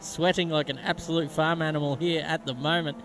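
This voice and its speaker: A man with an Australian accent co-commentating a sim race, chatty and laughing, with sudden excited yelps. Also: fairly high pitch, brisk, background noise.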